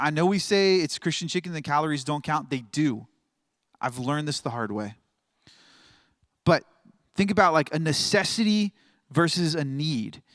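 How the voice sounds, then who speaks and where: A man's voice: a little high, fairly bright tone, dry recording, clean studio sound. A man in his thirties giving a casual, rambling sermon as a pastor, joking and laughing often.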